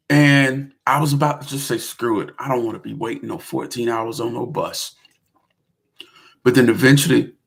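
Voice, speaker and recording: A man with a gravelly voice tells his story in a relaxed vlog chat. He talks with lively slang and animated turns. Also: mid-range voice. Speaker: vlogger. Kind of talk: casual vlog talk.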